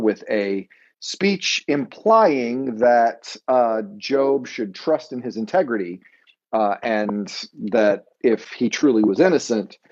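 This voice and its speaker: A man leading a weekly Bible study lesson, talking conversationally and pausing to explain terms. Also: on the low side, darkish tone, lo-fi sound.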